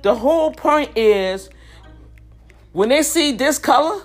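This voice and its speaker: A woman's voice: sits high, expressive, slow, faint music behind. A woman in her fifties giving heated, indignant commentary straight to her viewers, often repeating words as she gets worked up. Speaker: vlogger.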